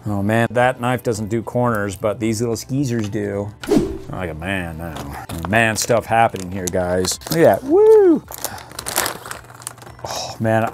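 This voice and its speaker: A man's voice: fairly low pitch, noisy background. A middle-aged man doing an enthusiastic, jokey toy unboxing review. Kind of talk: casual toy unboxing commentary.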